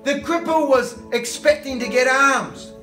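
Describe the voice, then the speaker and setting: A man's voice: very high-pitched, fairly even intonation, unhurried, sharp tone, faint music behind. A man preaching a sermon, telling stories and acting out the characters in comic voices. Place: church hall. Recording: echoey hall, mic from a distance.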